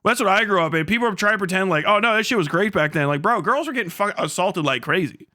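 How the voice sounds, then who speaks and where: High-voiced and quick, a young man on a livestream rattles off a profane, loose rant, laughing constantly, getting worked up, and putting on mock voices.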